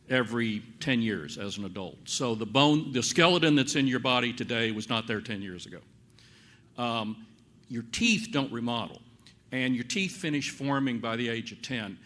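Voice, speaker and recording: A man's voice: mid-range voice, measured pace, a bit bright. A man on a panel giving a plain, patient explanation of forensic science at a public briefing.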